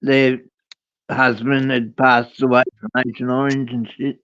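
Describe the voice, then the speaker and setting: A man's voice: medium pitch, little pitch movement, measured pace, fairly bright tone, highs cut off. A man chatting casually, laid-back, mostly giving short replies. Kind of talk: casual chat.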